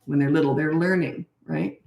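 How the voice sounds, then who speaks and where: A middle-aged woman coaches parents live, blunt and confident, and often slips into quick acted bits of dialogue. Her voice sits low with a gravelly edge. The room around her gives it a noticeable echo. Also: fairly even intonation, a little mellow. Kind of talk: casual live-stream advice. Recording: echoey room.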